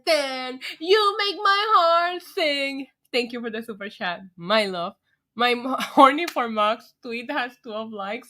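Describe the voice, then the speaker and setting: Woman streamer, high and bright, excitable, tipsy, swears a lot. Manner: excitable, swears freely, laughs often. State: getting tipsy from shots. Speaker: livestream host. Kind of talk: casual livestream chat.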